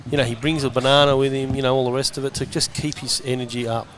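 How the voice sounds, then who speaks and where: A man giving live pool commentary in a relaxed, bantering way. His pitch is an ordinary middle for a man. A faint background noise sits under the recording. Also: fast. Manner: relaxed, banters and laughs easily.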